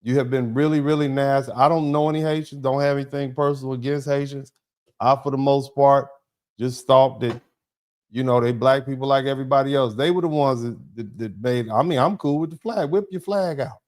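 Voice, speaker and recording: A man's voice: mid-range voice, fairly even intonation, brisk, a little mellow. A middle-aged man hosting a commentary show, talking bluntly and heatedly with many rhetorical questions. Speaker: show host. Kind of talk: casual commentary.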